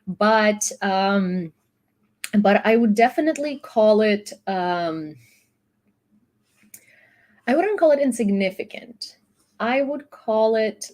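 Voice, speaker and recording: A woman's voice: mid-range voice, lively intonation, slow pace, long pauses, a little mellow. A young woman from Ukraine, chatting loosely through a news recap with fillers and restarts. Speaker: YouTube news host. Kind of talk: casual news commentary.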